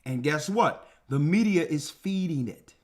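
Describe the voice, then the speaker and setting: A man's voice: fairly high pitch, lively intonation, measured pace, very noisy. A man, a church elder, hosting a commentary show and preaching emphatically to his co-host. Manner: emphatic, addresses co-host directly.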